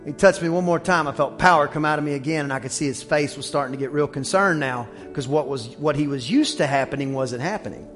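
A man preaching a sermon as pastor, telling stories and breaking into shouts on his strongest points. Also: fairly high pitch, faint music behind. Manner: preaching with rising shouts and quick asides.

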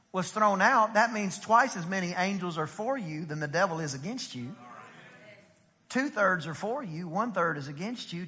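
A middle-aged man preaching a lively sermon in a church, asking the congregation rhetorical questions and acting out little voices. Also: high voice. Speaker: pastor. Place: church sanctuary. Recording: long hall reverb.

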